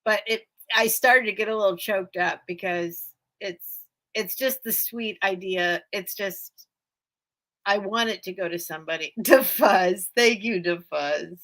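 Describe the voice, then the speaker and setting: Woman host of a home sales live stream, unhurried, bright and forceful tone, rambly and chatty. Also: mid-range voice. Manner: chatty, rambling, thanks viewers often. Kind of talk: casual live-stream chat.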